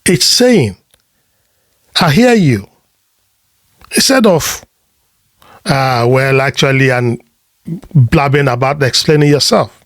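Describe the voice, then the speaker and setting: A man giving motivational relationship advice in deliberate, emphatic short phrases. He asks rhetorical questions and repeats words when he restarts a thought. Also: mid-range voice, expressive, fairly bright tone, no room sound, studio quality. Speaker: relationship coach.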